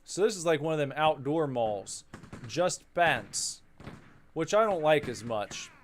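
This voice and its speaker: A man's voice: a little high, expressive, a little slow, a little hiss or hum. A man casually commenting while playing a video game, rambling into wry, mock-serious rants. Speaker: gaming channel host. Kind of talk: casual let's-play commentary.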